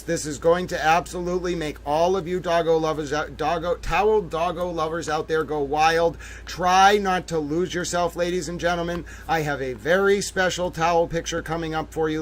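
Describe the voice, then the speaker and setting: A man hosting a livestream in casual chat, playfully theatrical, addressing his audience as ladies and gentlemen with drawn-out exclamations. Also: on the high side. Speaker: livestream host.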